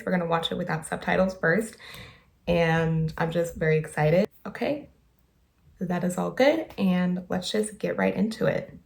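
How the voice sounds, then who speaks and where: Excitable young woman with a gravelly voice. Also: lowish voice. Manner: excitable, gushing, talks to viewers. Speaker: reaction video creator. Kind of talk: casual reaction vlog.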